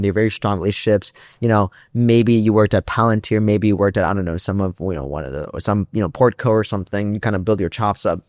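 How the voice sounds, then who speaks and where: A man's voice: fairly low pitch, no room sound, clean studio sound. A young man, a startup founder, casually telling a story in an interview, acting out both sides of phone calls with lots of restarts and fillers.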